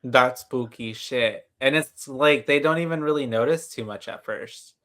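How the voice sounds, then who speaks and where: A man's voice: mid-range voice, measured pace, fairly bright tone. Rambling man recapping a horror film. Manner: rambling, many fillers and restarts. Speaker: podcast co-host. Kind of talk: casual horror movie recap chat. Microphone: video call.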